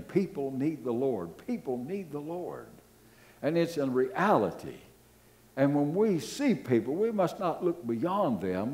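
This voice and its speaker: An older man preaching a sermon as pastor, telling stories with repeated phrases and hesitant fillers. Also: medium pitch. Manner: animated, repetitive, fillers, storytelling.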